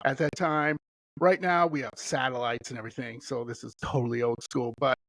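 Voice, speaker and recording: A man's voice: mid-range voice, steady tone, brisk, fairly bright tone, dry recording, poor audio. A middle-aged man as a podcast guest, chatting casually in a rambling, enthusiastic way with lots of fillers. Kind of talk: casual chat.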